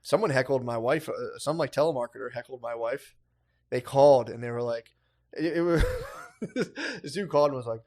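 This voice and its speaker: A man's voice: medium pitch, a little fast, a little mellow. A man in his thirties co-hosting a comedy podcast, telling stories in a profane, laughing, casual way. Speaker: podcast co-host.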